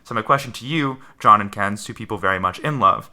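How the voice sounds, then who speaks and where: A man's voice: fairly low pitch, a little fast, bright, forceful tone. A man hosting a casual movie podcast, chatty, reading out trivia and laughing often. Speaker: podcast host.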